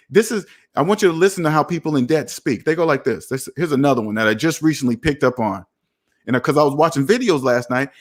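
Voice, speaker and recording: An emphatic man hosts a personal finance show. He reacts to viewer comments in a preachy way and breaks into sudden excited whoops. His voice sits a little high for a man.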